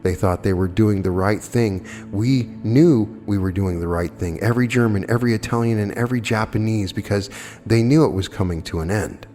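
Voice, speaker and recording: A man's voice: lowish voice, a little fast, darkish tone. A man giving a plainspoken spoken lecture, arguing his points with rhetorical questions and answering audience questions. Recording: old archive lecture with long hall reverb and faint music.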